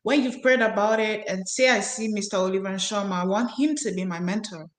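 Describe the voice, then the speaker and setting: A woman's voice: mid-range voice, brisk. A woman hosting a live-stream interview, politely asking practical follow-up questions. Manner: asks questions with practical framing, says sir politely. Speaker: podcast host. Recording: roomy echo.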